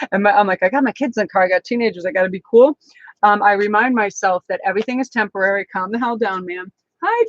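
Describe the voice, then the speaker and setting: A woman in her forties doing a live tarot reading from home, chatty and excitable, rambling and gushing at viewers as she goes. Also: medium pitch, dry recording. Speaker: tarot reader. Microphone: camera on a tripod. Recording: dry, slightly dull sound.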